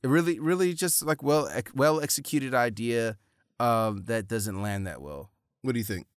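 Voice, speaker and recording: A man's voice: medium pitch, expressive, normal speed, clear, resonant tone, dry recording, clean studio sound. A man co-hosting a casual movie podcast, giving his take with frequent laughs and fillers. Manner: laughs often, loose filler-heavy talk. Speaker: podcast co-host. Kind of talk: casual movie review chat.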